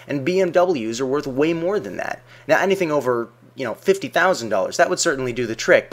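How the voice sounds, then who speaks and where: A man's voice: mid-range voice, fairly bright tone. A man delivering an argumentative video response, full of sarcastic rhetorical questions. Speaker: video essayist.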